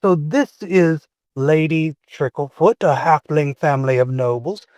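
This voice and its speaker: A man's voice: fairly high pitch, a little slow, a little mellow, no echo, lightly acted. A man voicing a polite young nobleman who speaks with eager deference. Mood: deferential.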